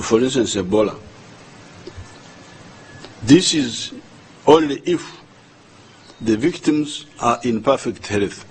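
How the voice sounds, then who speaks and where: Speaking as head of state in a formal national address, an older man with a Ugandan accent talks slowly and deliberately in a husky, medium-pitched voice, frequently repeating words as he hunts for what comes next. The recording is rough.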